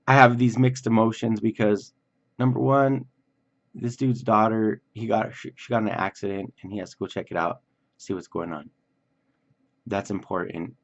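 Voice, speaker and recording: A man casually telling a personal story for his vlog, animated and swearing freely, acting out what others said. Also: lowish voice, moderate pace, lo-fi sound.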